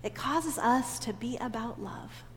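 A woman leading a children's sermon in a church sanctuary, talking in an animated, teacherly way and having the children repeat lines after her. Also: fairly high pitch, measured pace. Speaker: children's message leader. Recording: long reverb in a big church hall, faint ambient noise.

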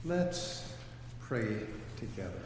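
Man, pastor, slow reverent prayer; very roomy, echoing church hall. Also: lowish voice, big pitch swings, background noise. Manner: measured, reverent. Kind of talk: leading a congregational prayer. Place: church sanctuary.

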